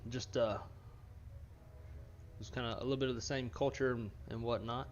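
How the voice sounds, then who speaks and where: A man's voice: medium pitch, steady tone, moderate pace. Chill guy rambling on stream, kinda dull lo-fi audio, faint hiss. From northern Louisiana. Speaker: flight sim streamer. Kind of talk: casual stream chat.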